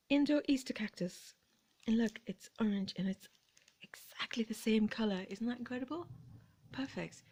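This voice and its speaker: Gentle chatty woman vlogger. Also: medium pitch. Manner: gentle, chatty, laughs often, quiet asides. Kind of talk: relaxed storytelling chat.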